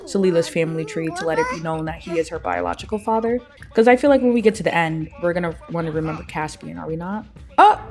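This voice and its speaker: Chatty woman narrating her gameplay. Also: mid-range voice. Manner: chatty, voicing sims in quick asides. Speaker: gameplay host. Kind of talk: casual let's-play commentary.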